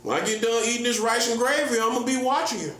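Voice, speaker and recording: A man's voice: very high voice, fast talker, a bit bright, voice pushed up. A man putting on the voice of a watchful old man of seventy-two, drawling and teasing. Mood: taunting. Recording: echoey room with faint hum.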